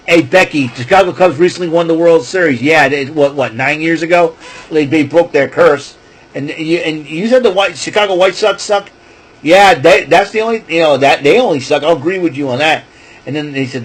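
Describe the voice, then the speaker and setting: A man casually rambling through a wrestling show recap, excitable and correcting himself as he goes. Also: on the high side, fairly quick, slightly rough, low-quality recording. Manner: excitable, self-correcting, chatty asides.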